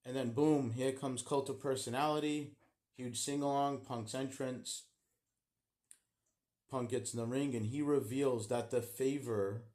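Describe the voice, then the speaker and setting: Man animatedly recapping a wrestling show. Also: mid-range voice. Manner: animated play-by-play retelling with fillers. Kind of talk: casual recap monologue.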